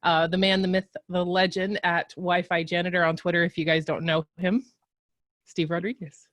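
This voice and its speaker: A woman's voice: fairly low pitch, level tone, normal speed, fairly bright tone, no room sound. Bubbly woman hosting a webinar. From Texas. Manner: bubbly, chatty, with fillers. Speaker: webinar host.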